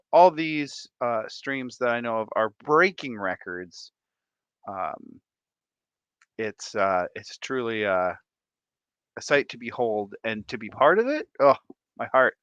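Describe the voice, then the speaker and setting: A man hosting a casual livestream chat, playful and animated, tired and a bit congested, talking on a close desk mic. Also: mid-range voice, clean tone, dry recording, lo-fi sound. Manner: animated, playful, breaks into laughs and silly voices. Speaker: livestream host.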